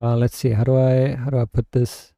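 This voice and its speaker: A man's voice: medium pitch, flat delivery, a little fast, vocal fry, mellow, no room sound, clean studio sound. A South African man hosting a casual game livestream, rambling and answering his chat. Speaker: livestream host and gamer.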